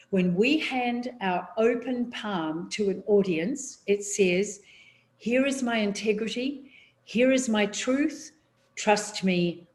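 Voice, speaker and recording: A woman with a New Zealand accent, a public speaking coach giving an online workshop from her home office over a video call, talking in a measured, emphatic way with deliberate pauses. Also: medium pitch, a little mellow. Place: home office, seated on a chair.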